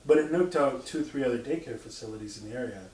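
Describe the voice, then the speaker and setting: A man's voice: mid-range voice, fast talker, a little mellow. A man telling stories in casual chat. He swears freely and acts out sounds and quotes. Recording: roomy sound from a distant mic.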